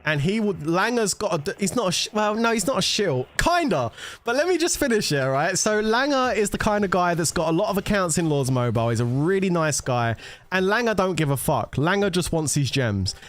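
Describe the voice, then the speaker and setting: Man ranting, a bit high. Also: sing-song, brisk. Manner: swearing, rambling, laughing. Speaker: gaming content creator. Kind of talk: casual streamer rant.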